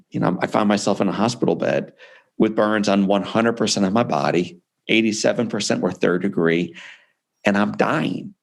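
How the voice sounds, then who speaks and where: A man with a gravelly, somewhat low voice recounts a personal story as an interview guest. He speaks earnestly and from the heart, the way a seasoned speaker tells his own tale.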